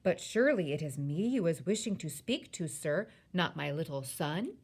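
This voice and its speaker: A woman's voice: low-pitched, expressive, normal speed, darkish tone. Woman doing a flustered fussy father. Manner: flustered and deferential. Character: flustered self-important father on the phone.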